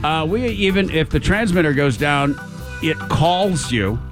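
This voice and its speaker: A man's voice: a little high, animated, measured pace, over music. A man hosting a radio show in the studio, easygoing and wry, explaining things plainly. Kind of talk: casual studio chat.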